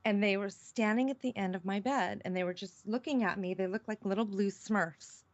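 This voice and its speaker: A woman's voice: mid-range voice, moderate pace. A middle-aged woman, a radio show guest, earnestly recounting a personal experience with many restarts. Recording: dull, lo-fi call-in audio.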